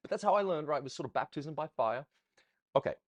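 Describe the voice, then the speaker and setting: A man teaching ballroom dance in a rambling, chatty Q&A style, often counting beats out loud. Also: a little high, animated, quick pace, dry recording, dull audio. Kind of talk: casual teaching Q&A.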